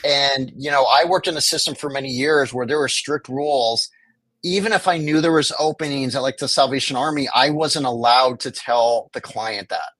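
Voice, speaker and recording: This homelessness advocate, a guest in a conversational interview, speaks at normal speed in a mid-range, slightly bright voice. He argues with passion and acts out quoted officials; the recording is rough but has no echo.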